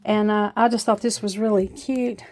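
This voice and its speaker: Here a woman at home in her kitchen, speaking with an Appalachian accent, talks through her decorations for a casual vlog. Her mid-range voice is darkish, fairly even and moderately paced, and she's homey and chatty with frequent "uh" fillers.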